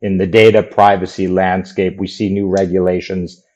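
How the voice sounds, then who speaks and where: A man with a fairly low voice answers interview questions in a measured, businesslike way. His audio is dull and lo-fi, like a remote call. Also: little pitch movement, darkish tone. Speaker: guest.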